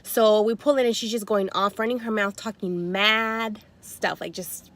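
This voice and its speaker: A woman telling a story in a chatty, animated, slangy way, sitting in her car. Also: medium pitch, normal speed. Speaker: vlogger. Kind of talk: story time vlog.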